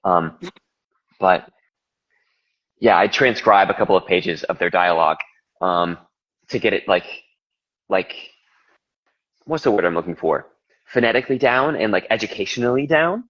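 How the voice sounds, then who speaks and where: A young man talking over a video call from a hotel kitchen, rambling and full of fillers. His low voice swings up and down with a lot of energy. The sound is dull and lo-fi. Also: expressive, moderate pace, pauses often, fairly bright tone. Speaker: audiobook narrator. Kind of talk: casual live chat. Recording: lo-fi livestream audio.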